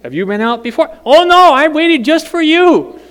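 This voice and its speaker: An eager, crafty little female dog , as a man puts her on, pleading in a raised, bright voice. The sound rings with a long hall echo. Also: extremely high pitch, moderate pace, pitched above the performer's own voice, heavily acted. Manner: excited, pleading.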